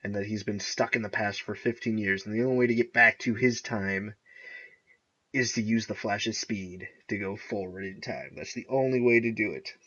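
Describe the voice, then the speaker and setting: A young man co-hosting a podcast in casual chat, excitedly recapping TV episodes and often laughing as he retells scenes. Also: on the low side, normal speed. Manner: excitable, laughs often, acts out characters' lines. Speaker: podcast co-host. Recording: dull lo-fi recording.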